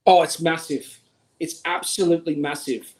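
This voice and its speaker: A man's voice: fairly high pitch, steady tone, normal speed, rough recording. A young man with an Australian accent, speaking earnestly as a guest in a livestream conversation and often repeating a word as he starts a thought. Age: young adult.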